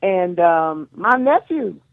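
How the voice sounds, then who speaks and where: An older woman, a gospel singer guest on a radio interview, talking in a lively, emotional, folksy way and laughing often. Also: fairly low pitch, slow, gravelly, no room sound, phone-quality sound.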